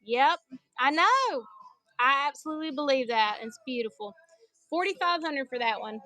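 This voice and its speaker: A woman's voice: sits high, animated, moderate pace, pushed and bright. A woman selling collectible banknotes on a live stream, chatty and joking, calling her viewers y'all.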